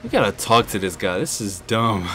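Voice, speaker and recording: A man giving excitable live commentary while playing a video game, trash-talking and whooping at the action. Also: lowish voice, normal speed. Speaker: gaming YouTuber. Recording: game music playing behind.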